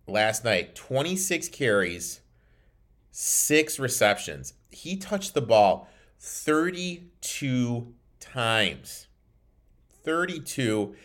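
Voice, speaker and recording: A man with a lowish voice hosts a sports podcast in a loose, conversational way. He talks bluntly and swears casually, drifting into rants before getting back to the picks. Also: a bit bright. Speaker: podcast host.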